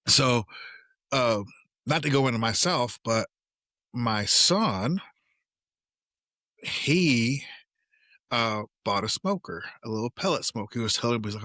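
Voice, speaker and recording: A man's voice: mid-range voice, a little slow, long pauses, no echo, clean studio sound. A middle-aged man co-hosting a podcast, telling family stories in a casual chat and acting out the dialogue. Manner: animated, acts out quoted dialogue. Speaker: podcast co-host.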